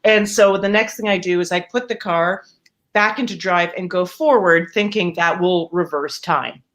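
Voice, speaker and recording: Animated woman telling a personal story. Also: moderate pace. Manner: animated, acts out quotes with rising pitch; conversational with fillers and self-interruptions. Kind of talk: live storytelling performance.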